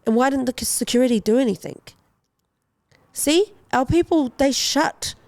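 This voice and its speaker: Woman, young adult, podcast interview guest, boxing champion, gravelly voice, impassioned and pleading. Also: sits high, moderate pace, a little mellow. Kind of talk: podcast interview, personal story.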